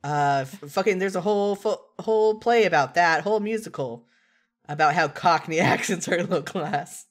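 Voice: medium pitch, normal speed. A podcast co-host in casual chat, teasing the others playfully and laughing often.

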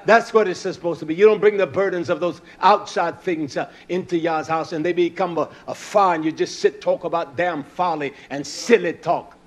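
A man preaching a sermon in a blunt, scolding way, dropping to a hush and then rising loud and emphatic. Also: fairly high pitch, fairly even intonation, moderate pace, hardly any pauses.

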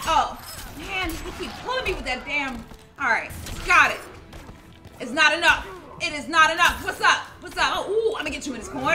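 A woman narrates her video game match in excitable, casual commentary, trash-talking her opponent and repeating herself. Her voice is high and very bright, and it swings widely in pitch. Faint game music plays under her. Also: a little fast. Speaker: gaming streamer.

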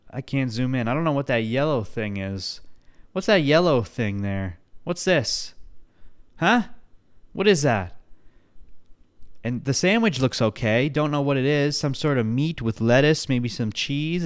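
Brief: profane, rambling male podcast host, smooth, resonant voice, mid pitch. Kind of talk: casual solo podcast rant.

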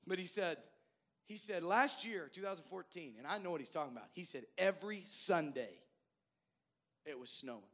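A male pastor telling folksy stories in a sermon, addressing the congregation directly and repeating words as he goes from loud to soft. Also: high-pitched, expressive, moderate pace. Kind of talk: sermon storytelling.

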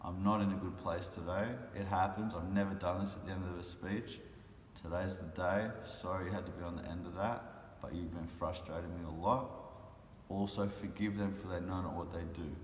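A man's voice: low-pitched, steady tone, moderate pace. A tired, frustrated man in a casual vlog monologue, talking in heated, impassioned bursts. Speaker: vlogger and animal rights speaker. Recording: roomy echo with long reverb and faint noise.

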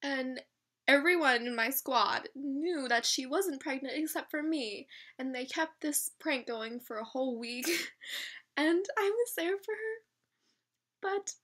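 A woman's voice: high voice, expressive, slow, fairly bright tone. A teenage girl vlogger chatting on a prank call, gushing and full of "like" and "oh my god". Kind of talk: casual phone chat.

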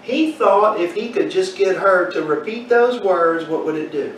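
A man's voice: high voice, animated, normal speed, a bit bright. A man teaching a Bible class, quizzing his listeners and telling folksy stories. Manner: asks the class questions, folksy storytelling. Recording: echoey room from far off, faint noise.

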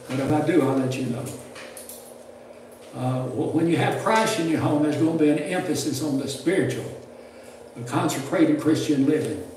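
An older man with a fairly high voice teaches preachers in a church classroom, rambling folksily with restarts and chuckles. A distant mic captures a roomy sound with faint ambience, plus a noisy background.

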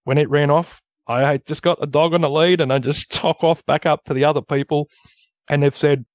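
An Australian man telling a story as a podcast guest, animated, acting out sounds and dialogue. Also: fairly high pitch, fairly quick, no room sound, studio quality. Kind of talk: casual storytelling.

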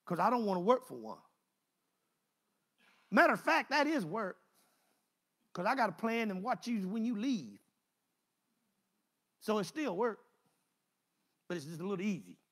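A preacher man with a high-pitched, bright voice. He preaches with lively swings of pitch, rising to loud exclamations and dropping to low, quiet asides. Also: a little slow, long pauses. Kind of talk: sermon.

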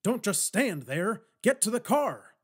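A man's voice: on the high side, sing-song, a little slow. A man playing a growling ninety-year-old man. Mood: gruff. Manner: growling, shouting.

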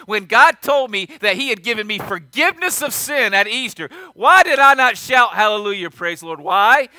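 A man's voice: high voice, pushed and bright, dry recording. A man pastor preaching a sermon, repeating his key lines and asking the congregation questions.

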